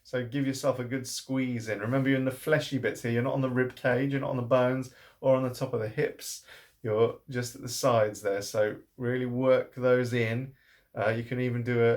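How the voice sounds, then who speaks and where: A man, teaching an online singing warm-up and coaching encouragingly between sung demonstrations. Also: mid-range voice, level tone, moderate pace. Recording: piano playing along.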